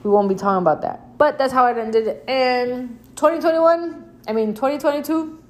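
A young woman telling a story to her viewers in a casual, chatty way, cursing freely and acting out what she said back then with big jumps in pitch. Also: normal speed.

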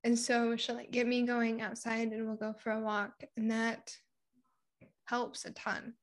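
A young woman from Puerto Rico, talking candidly in a casual conversation. Her voice sits a bit high, and she tells personal stories in a chatty way, acting out what people said. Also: monotone, measured pace. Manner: candid, chatty storytelling with acted-out quotes.

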